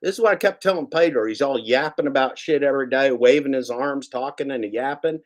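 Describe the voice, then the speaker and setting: A man's voice: mid-range voice, fairly quick. Rambling man hosting a livestream. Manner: rambling, repetitive, teasing. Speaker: livestream host. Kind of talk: casual livestream banter.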